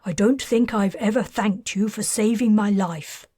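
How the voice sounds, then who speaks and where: A woman's voice: mid-range voice, a little slow, warm tone, husky, dry recording, studio quality. A woman reading a polite, formal man. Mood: courteous. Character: courteous, formal adult man. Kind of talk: audiobook character reading.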